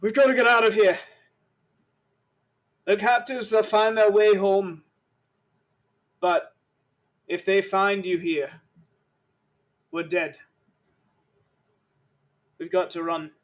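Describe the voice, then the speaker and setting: A man voicing a gruff grown male rescuer who gives urgent commands to survivors in a tabletop game. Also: high voice, fairly even intonation, takes it slowly, long pauses, voice pushed up.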